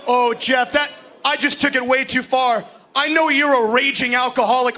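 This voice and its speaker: A young man cutting a wrestling promo in a large arena on a handheld mic, taunting and shouting mocking insults at his rival. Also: very high voice, moderate pace.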